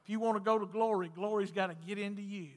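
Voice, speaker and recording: A man preaching a folksy sermon as pastor, swinging between loud calls and hushed, intimate lines. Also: high voice, fairly even intonation, fast talker, in a large hall.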